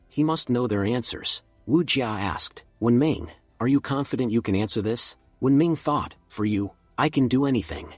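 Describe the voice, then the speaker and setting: A man of middling pitch tells a comic story as scripted narration, keeping a brisk, even storytelling pace. His quoted lines get only a light change of voice. The sound is dry and close, with soft music underneath. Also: slightly rough, dry recording.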